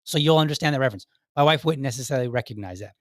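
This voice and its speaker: A man's voice: medium pitch, very fast, no echo. Chatty American man in his forties, dry sound. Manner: conversational and rambling, with frequent restarts. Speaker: podcast host. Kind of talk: casual advice monologue.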